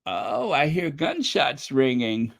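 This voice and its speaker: A woman from a Caribbean island hosting a casual livestream, chatty and excitable as she thanks her viewers. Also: a bass voice, takes it slowly. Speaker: livestream host.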